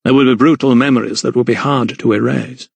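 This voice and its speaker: A man narrating a historical mystery audiobook in a measured, even storytelling voice. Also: medium pitch, creaky, husky, no room sound. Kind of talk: scripted narration.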